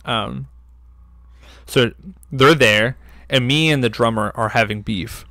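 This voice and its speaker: A man's voice: mid-range voice, takes it slowly, pushed and bright, dry recording, clean studio sound. Rambling young man telling a story. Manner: loose, rambling, heavy on fillers and swearing. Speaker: podcast co-host. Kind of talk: casual storytelling.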